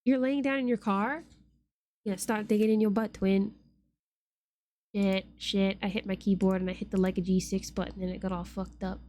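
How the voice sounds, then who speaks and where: A woman's voice: mid-range voice, steady tone, normal speed, a little mellow. A woman streamer chatting playfully with her viewers while she draws, swearing casually.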